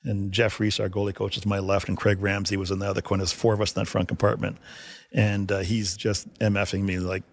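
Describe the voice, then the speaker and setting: This middle-aged hockey video coach has a lowish voice and talks fast. As a guest in a relaxed interview, he tells lively stories and laughs along the way.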